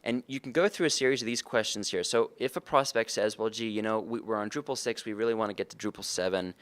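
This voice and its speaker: A man's voice: on the low side, fast talker, a bit bright, smooth. A man giving a conversational conference talk, earnest and often putting questions to the audience. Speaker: conference speaker. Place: conference room.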